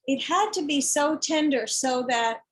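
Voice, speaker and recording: In a candid conversation, a woman author talks frankly and emphatically about her children's book, acting out other people's words. Her voice is high-pitched, expressive and unhurried, and she swears when heated. The audio quality is poor.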